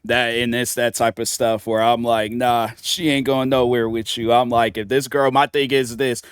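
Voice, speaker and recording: A man's voice: mid-range voice, flat delivery, moderate pace, smooth, no echo. A young man hosting a reaction video, rambling loosely and voicing his own thoughts as little quotes. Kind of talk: casual reaction commentary.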